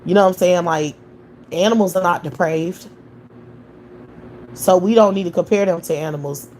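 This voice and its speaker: A woman's voice: fairly low pitch, normal speed, a little mellow, a little hiss or hum. A young adult woman hosting a live stream, answering chat in a profane, scornful rant with mocking laughter. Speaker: livestream host.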